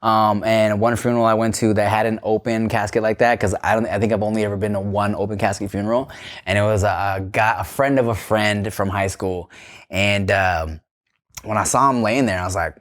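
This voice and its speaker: A man's voice: fairly low pitch, steady tone, brisk. A man hosting a casual podcast. He talks in a laid-back way and leans on fillers like "you know what I'm saying.". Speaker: podcast host.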